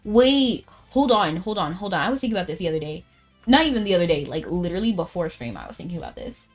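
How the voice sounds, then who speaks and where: A woman game streamer chatting casually as she plays, talking fast, laughing often and saying "like" a lot. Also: lowish voice, big pitch swings, soft background music. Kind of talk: casual live-stream chat while gaming.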